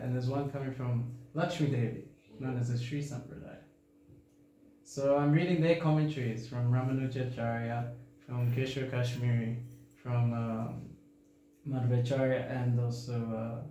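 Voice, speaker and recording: A chatty Australian man gives a relaxed scripture talk, breaking into laughter and throwing questions at his listeners. His voice sits at an ordinary middle pitch. It rings through a very echoey hall over a faint hum. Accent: Australian, softened toward American. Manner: chatty, joking, laughs often, asks the audience questions. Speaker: temple speaker giving a scripture class. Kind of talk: informal sermon with jokes.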